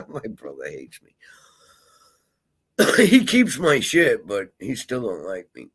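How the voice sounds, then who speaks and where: A man's voice: medium pitch, huge pitch swings, extremely slow, a bit bright, slightly rough, low-quality recording. A man rambling and swearing freely in a casual vlog monologue. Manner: profane, rambling, grumbling. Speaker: vlogger.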